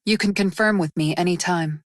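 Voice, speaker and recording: A woman voicing a calm, composed female operator in a video game, speaking in a cool, measured way. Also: fairly low pitch, no room sound, clean studio sound, lightly acted.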